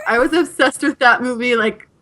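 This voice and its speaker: 20-something woman guest, slightly high voice, giggly, kinda self-deprecating. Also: moderate pace, fairly bright tone. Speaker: podcast guest. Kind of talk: casual chat.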